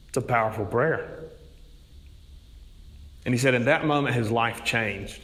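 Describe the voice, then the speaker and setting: A man's voice: mid-range voice, measured pace, long pauses, fairly bright tone, in a large hall. A man preaching a sermon, telling stories in an earnest manner. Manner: storytelling, earnest.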